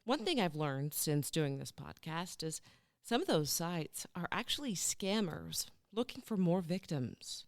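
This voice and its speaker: A woman podcast host speaks in a low voice that moves expressively. She narrates and asks questions in a plainspoken, sympathetic way, recorded dry and close. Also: big pitch swings, measured pace, no echo. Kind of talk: scripted narration.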